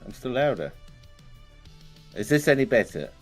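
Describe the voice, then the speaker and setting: An adult man on a voice call during a live gaming stream, chatty and quick to laugh while telling stories. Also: mid-range voice, sing-song, faint music behind. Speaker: guest co-player on a voice call. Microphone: headset on a voice call.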